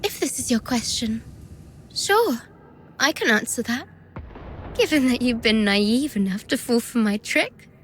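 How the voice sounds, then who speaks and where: High-voiced, unhurried game villainess who taunts her captives with sing-song sarcasm. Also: expressive, fairly bright tone, slight background noise. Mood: taunting. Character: mocking treacherous young woman, gleeful villain. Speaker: game character. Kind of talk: video game voice acting.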